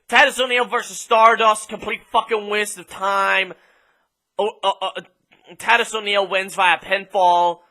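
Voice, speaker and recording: Bright, sweary Irish man ranting. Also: high-pitched, steady tone, unhurried. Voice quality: blunt, sweary, filler-heavy with many ums. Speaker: wrestling show reviewer. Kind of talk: casual profane rant.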